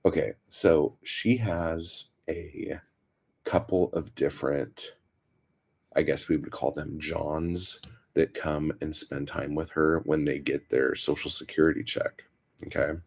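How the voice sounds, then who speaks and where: A man with a steady, creaky bass voice speaks slowly as he hosts a casual storytelling livestream. His stories ramble, full of profanity and fillers.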